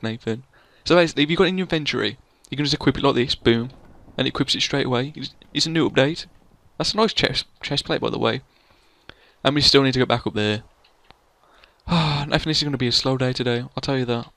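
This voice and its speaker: A man's voice: mid-range voice, a bit bright, no room sound. Rambling guy gaming. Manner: rambling, playful, teasing his co-player. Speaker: let's play gamer. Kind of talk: casual gameplay commentary.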